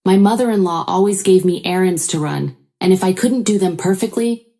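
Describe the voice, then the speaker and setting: A woman narrating a first-person story in an even, measured way. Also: lowish voice.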